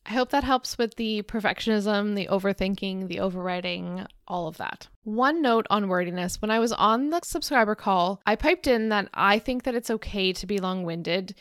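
A woman's voice: mid-range voice, moderate pace, few pauses, a bit bright, smooth, no echo, studio quality. A young woman hosting a solo podcast, talking in a chatty, candid and self-deprecating way. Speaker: podcast host.

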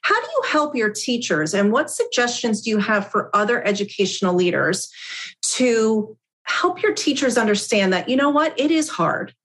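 A middle-aged woman hosting a podcast interview, chatting in an animated way and laughing through her stories. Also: on the high side, normal speed. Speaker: podcast host. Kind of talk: casual interview chat.

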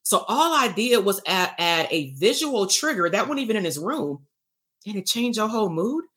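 A woman's voice: medium pitch, sing-song, moderate pace, a bit bright. A woman hosting a live online workshop, telling a story casually and animatedly, acting out dialogue and laughing often. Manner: casual and salty, with frequent laughs. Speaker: bootcamp host and therapist coach.

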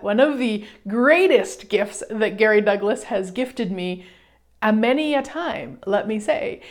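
Animated woman hosting a motivational show. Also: mid-range voice, a little slow. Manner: animated, acts out little quoted exchanges, swears casually. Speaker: radio show host. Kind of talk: casual motivational talk.

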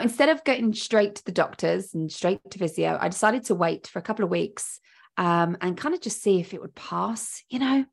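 A woman's voice: medium pitch, creaky. A woman podcast host telling a personal story in a chatty, candid way, stressing words by repeating them. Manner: chatty, candid, emphatic repetition.

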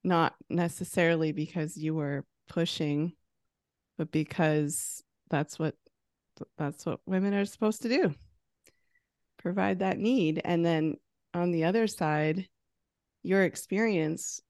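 Slow-spoken reflective woman host. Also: lowish voice, a little mellow, no room sound, studio quality. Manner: reflective and empathetic, thinking aloud. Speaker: podcast host. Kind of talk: conversational interview.

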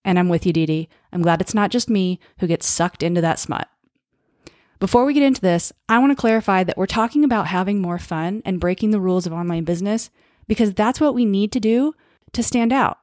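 A woman's voice: medium pitch, a little mellow, no room sound, clean studio sound. A woman hosting a podcast, reading an upbeat scripted intro and then chatting loosely with her guest. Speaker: podcast host.

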